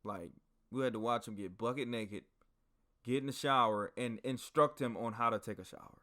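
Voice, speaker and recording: Animated, profane storytelling man. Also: mid-range voice, normal speed. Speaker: podcast host. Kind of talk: casual storytelling.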